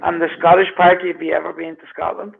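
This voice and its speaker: Host, man, high gravelly voice, stammers through blunt questions, tinny call line. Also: flat delivery, fast talker. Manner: stammering, repeats words, blunt. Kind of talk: casual live panel chat.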